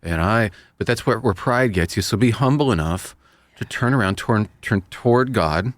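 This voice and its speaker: A man's voice: lowish voice, expressive, normal speed, no room sound. A man hosting a casual talk show, speaking in an earnest, rambling, self-deprecating way. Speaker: radio host. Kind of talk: casual chat.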